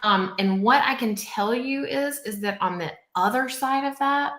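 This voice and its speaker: Woman podcast guest, animated and chatty, recorded in a roomy space. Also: on the high side, a little slow. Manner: animated, acts out quoted people, peppers talk with "like" and "right?". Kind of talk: casual conversation.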